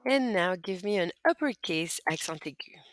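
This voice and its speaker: A woman with a fairly low, animated voice speaks at a moderate pace, with no echo on the recording. Through a screen-recorded walkthrough, she patiently teaches French students how to type accent marks step by step.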